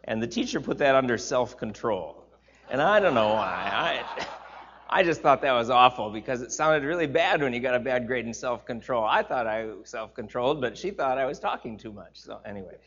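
A man's voice: mid-range voice, lively intonation, a little fast, a bit bright, breathy edge. A man teaching a Bible class in an informal sermon, chatty and emphatic, repeating words for stress and turning to listeners with asides. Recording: slightly dull, lo-fi recording.

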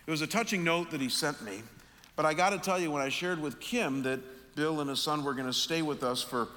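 A middle-aged man preaching a sermon, telling a personal story with lively, animated delivery and acting out his own anger. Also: a little high, a little fast. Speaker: pastor. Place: large church auditorium. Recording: hall reverb.

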